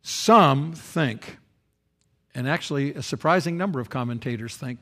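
A male pastor delivers a sermon in a voice of middle pitch. He shifts his volume a lot, rising loud for emphasis and falling soft and solemn. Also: normal speed. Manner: expressive preaching, rising loud for quoted speech and dropping soft for solemn lines.

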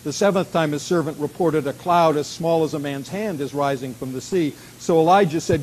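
Pastor guy preaching, slightly high voice, big dramatic swells then goes quiet, faint hiss behind. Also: poor audio. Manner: dramatic, slows and rises to a shout on key lines. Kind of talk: sermon.

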